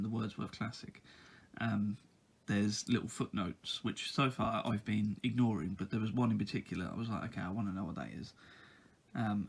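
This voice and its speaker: A man's voice: fairly low pitch, creaky, slightly rough. A man giving a casual book review, talking in a hesitant way with lots of ums and uhs.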